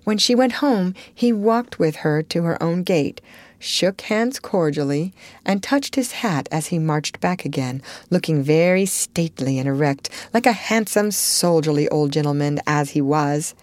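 A woman reading a classic novel aloud as an audiobook narrator, in measured storytelling. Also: deep voice, darkish tone, no room sound. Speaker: audiobook reader. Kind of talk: scripted narration.

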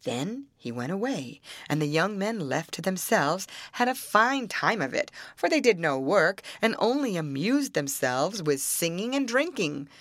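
A woman reads a fairy tale aloud in a lower register, her voice moving a lot in pitch as she tells the story. The sound is dry and close, with no room around it. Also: a little slow, hardly any pauses, no room sound. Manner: expressive, acting out the characters in raised voices.

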